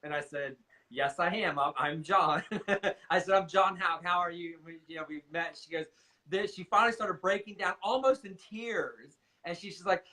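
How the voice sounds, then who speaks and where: A man's voice: high-pitched, steady tone, fairly quick, pushed and bright, poor audio. A man telling stories in a casual interview as a guest nail technician, chatty, repeating words and acting out what others said.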